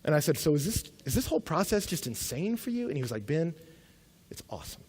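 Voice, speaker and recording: A man preaching a sermon, telling a story with quoted dialogue and swinging between loud emphatic lines and hushed ones. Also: fairly high pitch, sing-song, quick pace, husky. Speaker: pastor.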